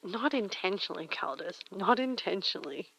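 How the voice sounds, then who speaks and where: A young woman streamer chatting softly and reading poems aloud in a breathy, near-whispered voice through a retro telephone-style mic filter. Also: medium pitch, animated, moderate pace. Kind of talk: casual chat and poetry reading. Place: home streaming room. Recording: filtered lo-fi mic with faint rain.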